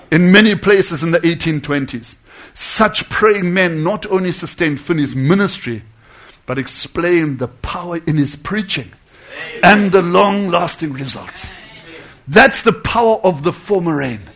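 High-pitched guy preaching hard, gets loud then drops to a hush. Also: animated, a little slow. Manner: fervent, swinging from loud to hushed. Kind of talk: sermon.

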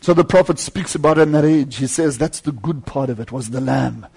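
A man preaching a sermon with fervent delivery, swinging between loud climbs and quieter asides. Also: medium pitch, fairly quick, gravelly, breathy edge.

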